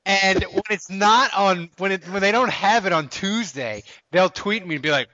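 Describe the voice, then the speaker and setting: A man hosting a casual podcast, rambling and correcting himself as he talks, quick to laugh. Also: sits high, pushed and bright. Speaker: podcast host. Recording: dull lo-fi podcast audio.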